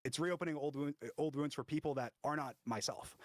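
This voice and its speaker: A man explaining himself in a livestream discussion, halting and restarting often with many fillers. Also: on the high side, dry recording. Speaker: interview guest.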